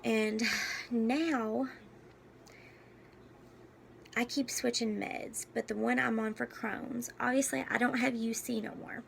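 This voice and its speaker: A young woman vlogging casually about her own life, halting and candid with many fillers, and losing her voice. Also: on the high side, fairly even intonation, gravelly, a little hiss or hum. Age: young adult. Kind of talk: casual personal vlog.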